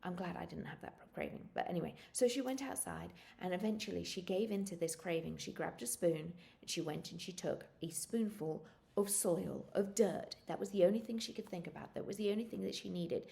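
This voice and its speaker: A woman in her thirties tells stories from her own life in a casual, animated way. Her voice sits a little low and has a gravelly, fry-laced edge. She laughs often and leaps into high squeals when she acts out what people said. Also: fairly quick. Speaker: vlogger sharing pregnancy experiences. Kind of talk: casual storytelling.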